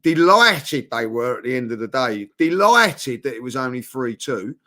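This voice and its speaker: Bloke, bright forceful voice, knackered but fired up, blunt slangy football chat. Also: male voice, mid-range voice, sing-song, normal speed. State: exhausted. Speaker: co-host.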